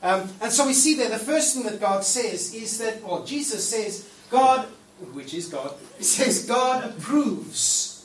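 A high-voiced man preaches unhurriedly in a church hall, his intonation lively as he playfully acts out the prayers he quotes in a casual sermon. He's a pastor, picked up by a distant mic in an echoey room with faint noise.

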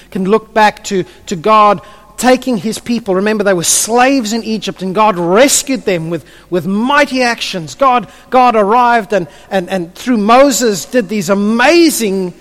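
High-voiced preacher, echoing hall. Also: male voice, fairly bright tone. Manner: stammering restarts, vivid storytelling. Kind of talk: sermon. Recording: long hall reverb.

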